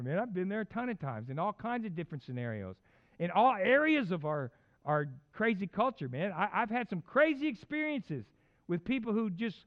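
A middle-aged man preaching a sermon, animated and conversational, with folksy asides. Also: high voice. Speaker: pastor. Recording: dull lo-fi sound.

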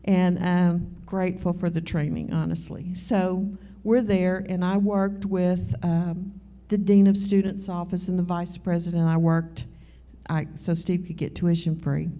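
Middle-aged woman, Bible study teacher, mellow voice, storytelling, dull lo-fi recording. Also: lowish voice, level tone, measured pace. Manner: chatty storyteller who acts out both sides of dialogues. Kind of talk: informal Bible teaching with personal stories.

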